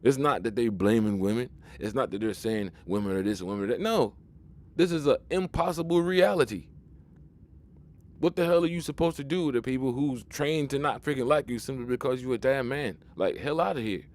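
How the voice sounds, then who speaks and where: Emphatic preachy man, mid-pitched voice. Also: lively intonation, a little fast. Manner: emphatic, preachy, repeats and restarts words. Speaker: video commentator. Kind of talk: casual monologue.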